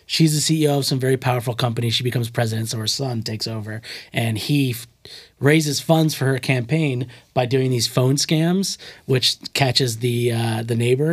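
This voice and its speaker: A young man hosting a casual movie-review podcast, joking and swearing with lots of fillers. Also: mid-range voice. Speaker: podcast host.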